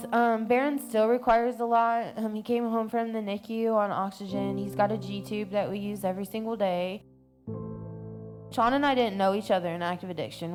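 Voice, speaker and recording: A woman who works as a peer coach in recovery speaks candidly and personally in a documentary interview. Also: medium pitch.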